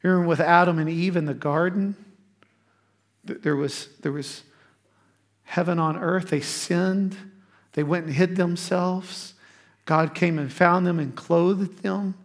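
A man's voice: high-pitched, fairly even intonation, unhurried, pauses often. A man, preaching a sermon in a folksy storytelling way that rises into emphatic preaching. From United States. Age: 30s. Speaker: pastor.

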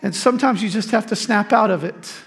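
A man preaching a sermon as pastor, emphatic and animated, breaking into laughing asides. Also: sits high, a little fast, vocal fry.

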